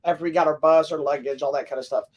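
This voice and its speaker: A podcast co-host from Texas chatting casually, clearing the throat often and telling a long trip story with many restarts. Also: mid-range voice, steady tone, racing, a little mellow. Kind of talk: casual chat.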